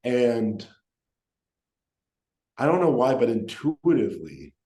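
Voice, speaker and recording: Brief: male guest in his thirties, mid-pitched, short sure answers, echoey room. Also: very animated, mellow. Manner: brief, decisive answers, then thinks aloud with pauses. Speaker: guest, mathematician. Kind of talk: casual interview answers. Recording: roomy, echoey sound.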